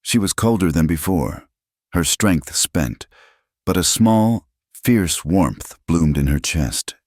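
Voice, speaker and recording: Deep voiced guy reading a western story, slow dramatic measured delivery, dry sound. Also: lively intonation, no room sound. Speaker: narrator. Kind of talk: scripted storytelling narration.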